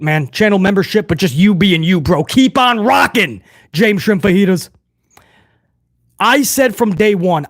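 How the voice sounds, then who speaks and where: This high-pitched male voice comes through a dry, studio-quality recording. He runs a wrestling news channel and talks to his audience in a casual, blunt, opinionated way, calling them "guys."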